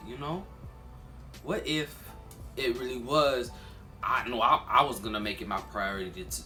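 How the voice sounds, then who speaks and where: A man's voice: mid-range voice, pushed and bright. A man telling a casual storytime while eating, rambling with lots of fillers and repeated restarts. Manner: often repeats himself and restarts. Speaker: vlogger.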